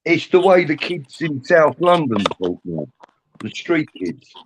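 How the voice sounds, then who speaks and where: A man's voice: fairly high pitch, big pitch swings, unhurried, a little hiss or hum, rough recording. A middle-aged man co-hosting a casual live-stream chat, opinionated and emphatic, often repeating himself.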